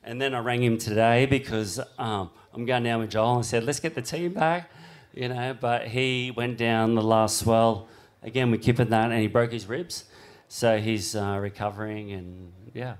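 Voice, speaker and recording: A man with an Australian accent telling surf stories on a live stage, rambling and full of fillers, his voice jumping high when he acts out shouts. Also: moderate pace, clean tone. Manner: excitable storyteller, voice climbs high acting out shouts. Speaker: surfboard shaper and guest.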